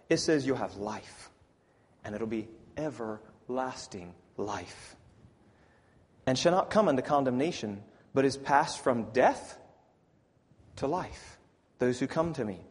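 A man preaching a sermon, swinging from loud emphatic lines to near whispers. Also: medium pitch, expressive, slow, husky, long reverb tail.

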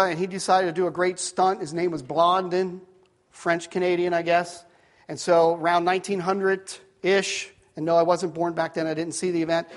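A man in his fifties preaches with a higher-pitched voice. He tells a story with self-deprecating asides, swinging between shouted peaks and hushed, nearly whispered moments. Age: 50s. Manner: animated storytelling, rising to shouts at peaks, dropping to near-whispers. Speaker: pastor. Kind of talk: sermon.

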